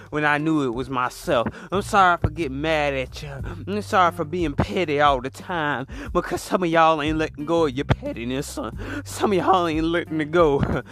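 A man preaching an impassioned sermon, repeating lines and building to shouts. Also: fairly high pitch. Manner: preaching in calls, repetition and rising shouts.

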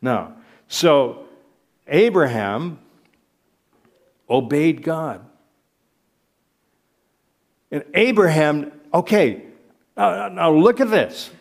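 A man's voice: on the high side, animated, very slow, creaky, pauses often. A middle-aged man preaching a sermon, earnest and repeating phrases for emphasis.

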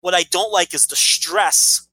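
Bright, dry-voiced male podcast co-host. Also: high voice, unhurried, slightly rough, no room sound, low-quality recording. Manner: rambling, blunt, swears freely. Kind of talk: casual wrestling podcast chat.

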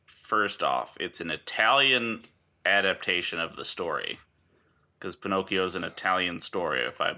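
A man co-hosting a podcast, telling rambling, animated stories in casual chat. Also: sits low, moderate pace. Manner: animated storyteller, rambling and jokey. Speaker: podcast co-host.

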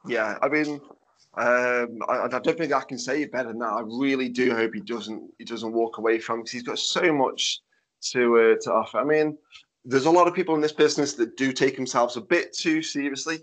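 A man's voice: medium pitch, brisk, a bit bright. A man, a guest on a podcast, talking casually with many "like" and "I mean" fillers over a Skype call. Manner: laid-back, lots of "like" and "I mean" fillers. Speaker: wrestler guest.

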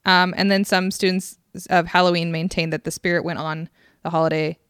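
A young woman with a fairly low voice chats casually as a podcast co-host. She talks loosely, laughs often and swears freely. The recording is dry and close. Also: flat delivery, a little fast, smooth, no echo. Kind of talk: casual chat.

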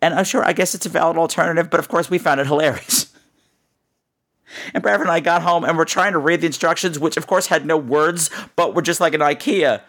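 A man hosting a podcast, telling a funny story with animated, exaggerated delivery and quick asides. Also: a little high. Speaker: podcast host. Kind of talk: comic storytelling.

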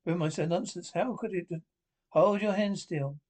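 An actor in 1930s radio acting, playing an obsessive, domineering middle-aged male scientist who talks in a commanding, excitable way. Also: high-pitched, moderate pace.

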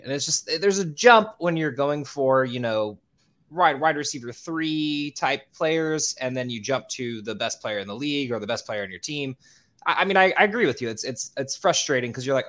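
A man's voice: medium pitch, animated, moderate pace, fairly bright tone. Male co-host, casual podcast chat, agreeable, rambling.

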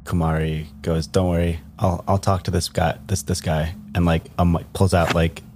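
Deep-voiced man player in a tabletop game. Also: flat delivery, moderate pace, background noise. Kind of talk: tabletop role-play.

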